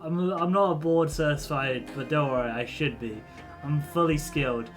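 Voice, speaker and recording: A man's voice: fairly high pitch, moderate pace, faint music behind, natural voice. A man voicing a raucous, hungover cyborg street doctor in his forties who boasts and jokes, stumbling over his words.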